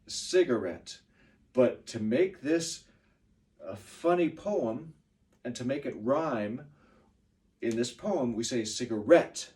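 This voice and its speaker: A man's voice: medium pitch, a little mellow, far from the mic. A middle-aged man teaching pronunciation to a class of children, patiently explaining words and chanting the beats. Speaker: ESL teacher.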